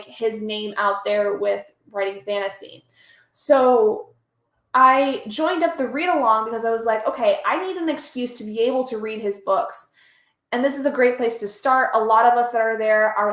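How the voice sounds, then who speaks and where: A woman's voice: on the high side, a bit bright, echoey room. A woman hosting a reading stream, chatting casually and reading out chat messages, easily moved. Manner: chatty, emotional, reads chat aloud. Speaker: livestream host.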